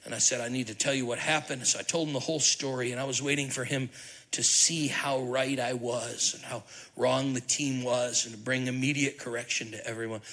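A middle-aged man, lead pastor, preaching a sermon with animated, humorous storytelling and questions to the congregation. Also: mid-range voice, fairly quick, poor audio.

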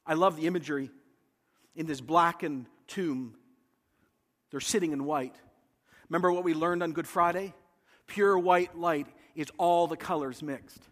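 A man's voice: fairly high pitch, a little slow, pauses often, a bit bright, long reverb tail. A man preaching a sermon, retelling a scripture story dramatically and acting out the voices of its figures. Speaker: pastor.

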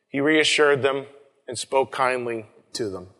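Male pastor, relaxed sermon, mid-pitched voice, long reverb of a big church. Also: moderate pace. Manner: conversational, often repeats words, addresses listeners as folks. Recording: long reverb of a large room.

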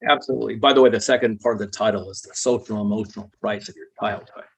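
A man's voice: on the low side, steady tone, fast, vocal fry, slightly rough. A man, a psychologist guest, explaining ideas patiently in an interview and often checking in with tag questions. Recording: dull lo-fi recording.

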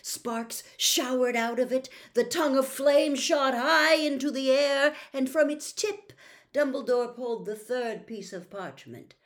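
Slow, steady woman storyteller. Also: high-pitched. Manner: steady, expressive narration. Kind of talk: reading a novel aloud.

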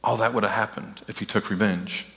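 A man's voice: lowish voice, steady tone, a little fast, vocal fry, fairly bright tone. A man preaching a sermon as pastor, talking in a conversational way and slipping into mocking voices. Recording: long hall reverb.

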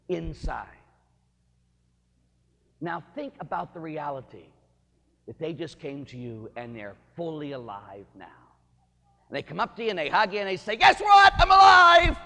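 A Catholic priest giving an Easter sermon, swinging from hushed, intimate questions to shouted bursts of joy. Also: male voice, on the high side. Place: church. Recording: church hall reverb.

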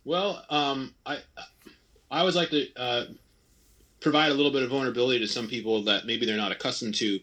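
A retired ski racer in his thirties talks candidly and at length as a guest in a casual interview, rambling, often restarting, and quoting his own thoughts. His medium-pitched voice is steady, brisk, and a bit bright.

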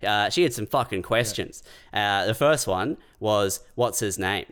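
A man, co-hosting a podcast, telling sweary, deadpan stories in casual comedic chat. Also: on the low side, a little slow, clear, resonant tone. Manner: sweary, deadpan storytelling with laughs. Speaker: podcast co-host.

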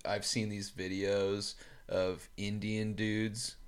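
A man's voice: fairly low pitch, little pitch movement, takes it slowly, clear, resonant tone. A man co-hosting a podcast, talking casually with lots of fillers. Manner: chatty, filler-heavy, amused. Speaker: podcast co-host. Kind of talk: casual chat.

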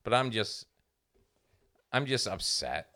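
A man's voice: fairly low pitch, very animated, slow, pushed and bright. A man in his forties telling a story in casual chat, profane and exasperated, acting out the other people in it. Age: 40s. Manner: profane, exasperated ranting with acted-out quotes. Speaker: comedian podcast co-host.

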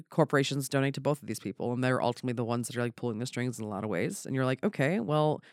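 A man, a comedian, talking in a casual podcast chat, rambling and animated and swearing offhandedly. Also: mid-range voice, dry recording, clean studio sound. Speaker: comedian guest.

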